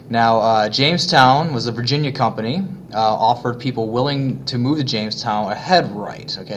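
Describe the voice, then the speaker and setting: A man teaching a history lesson in a casual way, with many fillers and pauses. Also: mid-range voice, a little hiss or hum. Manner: casual, many fillers, plays voices of colonists. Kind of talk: classroom lesson narration.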